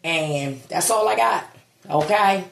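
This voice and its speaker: A grieving woman vlogs from home in a casual monologue, holding back tears while speaking bluntly and swearing now and then. Her voice is fairly low and creaky, slow in pace with lively intonation, and the room is echoey.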